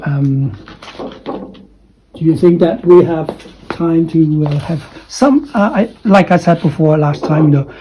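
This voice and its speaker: A man's voice: fairly high pitch, dull audio, slight background noise. A man teaching English pronunciation, explaining and repeating example phrases with many fillers. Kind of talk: online English pronunciation lesson.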